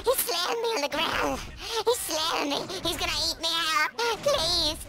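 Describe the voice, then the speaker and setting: A shrill, hyperactive boy lurches between frantic shrieks and sudden low mutters. His voice is very high and bright, swinging all over the place. A faint background hiss sits under the game commentary. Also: expressive, measured pace, heavily acted, poor audio. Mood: panicked. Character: hyper squeaky young boy, panicky and crude. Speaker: gamer. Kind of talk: comedic let's-play commentary.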